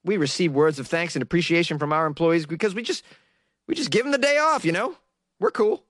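A man's voice: on the high side, expressive, fairly quick, a bit bright, no room sound, clean studio sound, pitched above the performer's own voice. A man voicing a laid-back, boastful company boss with a Texan accent. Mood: breezy.

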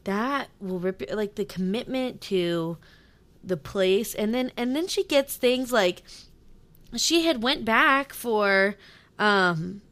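A woman's voice: mid-range voice, lively intonation, slow pace, a bit bright. A woman co-hosting a podcast, talking animatedly about a book with lots of fillers and some swearing. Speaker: podcast co-host. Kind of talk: casual book chat.

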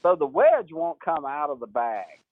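A man, a golf coach guest, telling animated stories in a podcast interview and acting out what people said, laughing often. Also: fairly high pitch, normal speed, narrow, tinny audio, slight background noise. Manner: animated storyteller, acts out quotes, laughs often.

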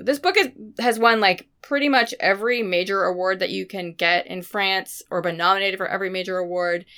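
A woman's voice: medium pitch, fairly bright tone, clear, resonant tone. A woman co-hosting a book podcast, chatting casually and enthusiastically with many "like"s, while a bit sick. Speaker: podcast co-host.

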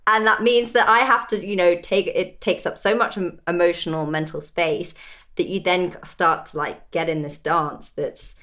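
Low voiced woman chatting, thinks out loud, trails off sometimes. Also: steady tone, moderate pace. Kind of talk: casual conversational chat.

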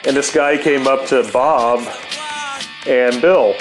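Middle-aged philly dude rambling a crude story, cusses a lot, laughs a bunch, mid-pitch voice. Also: male voice, fairly even intonation, takes it slowly, over music, poor audio. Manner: profane, rambling, laughs often. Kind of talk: casual anecdote.

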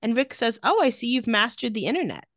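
A woman co-hosting a casual recap podcast who retells each scene with dry, sarcastic asides. Her pitch rises and falls a great deal as she reads the lines. The recording is dry and close to the mic. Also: big pitch swings, quick pace, a bit bright, dry recording. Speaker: podcast co-host recapping a TV episode. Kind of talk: casual chat.

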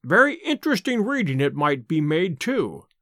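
Man reading eccentric male detective, brisk, confiding, high voice, very dry sound. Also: sing-song, fairly bright tone, dry recording. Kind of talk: audiobook character reading.

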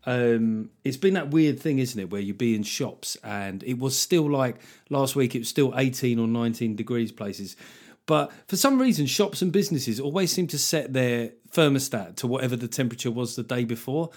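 A man's voice: medium pitch, lively intonation, normal speed, darkish tone. A middle-aged man hosting a solo comedy podcast, wry and sweary, riffing with jokey asides. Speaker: podcast host.

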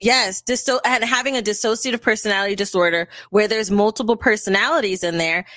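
A woman leading a relaxed group discussion on a video call. She talks in a loose, meandering way full of likes and you-knows. Her voice sits in a middle pitch and sounds dry and close. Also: quick pace, dry recording. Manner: chatty, lots of fillers. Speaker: podcast host.

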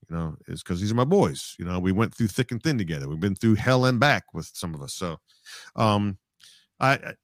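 Here a sportscaster guest, a middle-aged man with a lowish voice, reminisces in a casual interview, drifting and reflecting with plenty of restarts. The studio sound is clean, with no room sound.

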